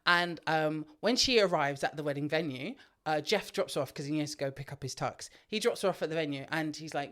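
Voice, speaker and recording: A woman co-hosting a podcast, retelling a story in an animated way and swearing freely. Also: low voice, brisk, few pauses. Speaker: podcast co-host. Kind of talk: casual chat, storytelling.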